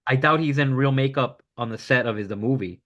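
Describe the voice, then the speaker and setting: A man's voice: medium pitch, a little fast, a bit bright, lo-fi sound. A man co-hosting a podcast in casual chat, skeptical, often trailing off and mumbling. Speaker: podcast co-host.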